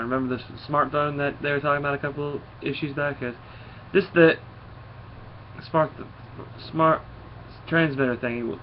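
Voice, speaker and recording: A man's voice: fairly high pitch, moderate pace, muffled recording, a little hiss or hum. Rambling man recapping a comic. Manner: rambling, full of fillers and restarts. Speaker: comic book reviewer. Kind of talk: casual comic book recap.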